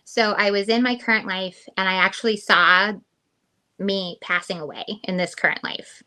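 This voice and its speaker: A woman's voice: mid-range voice, steady tone, moderate pace, sharp tone, clean tone. A middle-aged woman co-hosting a podcast, telling a personal story candidly and emotionally with lots of fillers. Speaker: podcast co-host. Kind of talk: casual chat.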